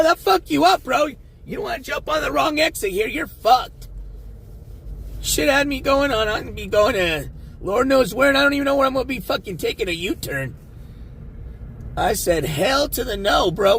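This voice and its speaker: A man's voice: very high voice, lively intonation, moderate pace, creaky, fairly bright tone, a little hiss or hum. A man live-streaming from inside a car, chatting casually with viewers, swearing often and rambling. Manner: profane, rambling, talks to his chat. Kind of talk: casual live-stream chat while driving.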